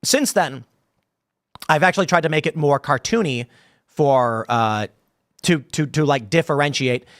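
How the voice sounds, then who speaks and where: A man's slightly high, fairly bright voice is animated yet a little slow as he hosts a live show, riffing on chat comments he reads aloud. The casual commentary rambles with many fillers and restarts. The recording is dry and studio-clean.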